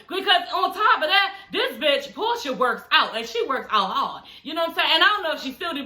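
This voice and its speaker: A young woman dishes on a reality show episode with sass and plenty of swearing, laughing between her points. Her voice sits high and bright. The sound carries a roomy echo. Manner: gossipy, sassy, swears freely, laughs often. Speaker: reality TV reviewer. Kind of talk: casual recap commentary. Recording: echoey room.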